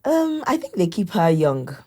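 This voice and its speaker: Low-voiced woman telling family stories. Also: very animated, measured pace. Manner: warm storytelling, acts out family members' lines. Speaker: guest. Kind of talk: casual conversation.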